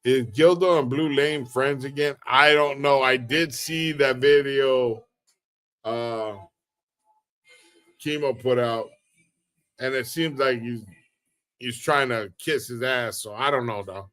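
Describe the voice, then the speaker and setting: A relaxed man runs a casual livestream, answering chat in a laid-back drawl packed with street slang. His voice sits at an ordinary middle pitch and stays easygoing throughout. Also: slow pace, pauses often. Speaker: livestream host reading chat.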